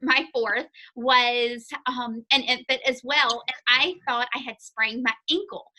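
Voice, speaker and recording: A woman in her thirties hosting a casual interview, lively and enthusiastic as she talks. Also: on the high side, a little slow, slight background noise, low-quality recording. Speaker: host.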